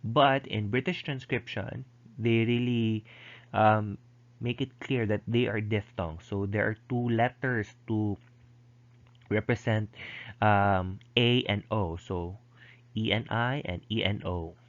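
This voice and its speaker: A man with a lowish, steady voice speaks slowly in a recorded lecture, walking through explanations step by step. He often says um and restarts, and the recording is dull and lo-fi.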